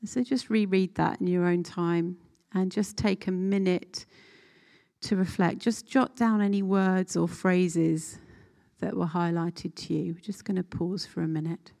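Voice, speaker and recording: A woman leading a guided scripture meditation, reading a passage aloud and calmly inviting listeners to pause and reflect. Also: fairly low pitch, vocal fry. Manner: calm, unhurried, gently instructive with pauses.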